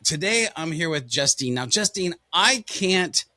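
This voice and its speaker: A man's voice: a little high, lively intonation, unhurried, sharp tone, no room sound. An American man hosting a podcast, talking in an upbeat, enthusiastic, folksy way. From United States. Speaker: podcast host. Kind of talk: casual podcast chat.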